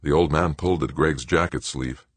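A man narrating an audiobook in a steady, measured storytelling voice, recorded close on a studio mic. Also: rumbling low, no echo. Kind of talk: scripted narration.

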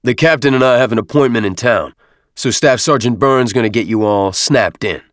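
A man voicing a gruff staff sergeant who answers his officer in clipped replies and growls orders at recruits. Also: medium pitch, normal speed, dry recording, studio quality, close to an everyday voice. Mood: growling.

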